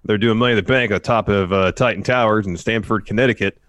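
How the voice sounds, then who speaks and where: Low-voiced wry podcast co-host. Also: male voice, fast talker, a bit bright, no room sound. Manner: wry, skeptical, with frequent "uh" fillers. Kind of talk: casual wrestling news chat.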